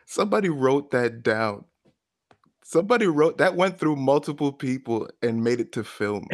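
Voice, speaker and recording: A man's voice: mid-range voice, lively intonation, normal speed. A man in casual chat with friends, making joking asides.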